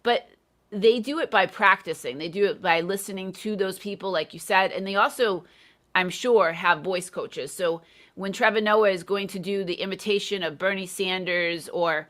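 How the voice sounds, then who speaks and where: Bright-voiced woman hosting a chat. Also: mid-range voice, moderate pace. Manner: thoughtful, hedging with fillers. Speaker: host, English teacher. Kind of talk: casual live interview.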